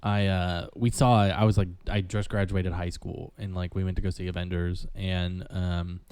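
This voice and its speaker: A man's voice: deep voice, little pitch movement, normal speed, darkish tone, clean tone, no room sound. A young man, casually chatting and rambling through stories as a podcast co-host. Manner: laid-back, rambling storyteller. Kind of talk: casual chat.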